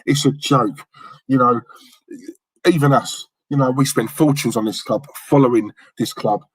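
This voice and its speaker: A man's voice: mid-range voice, moderate pace, breathy edge, no echo, low-quality recording. A man in his thirties, hosting a live fan stream and ranting in frustration, repeating himself and calling out names from the chat.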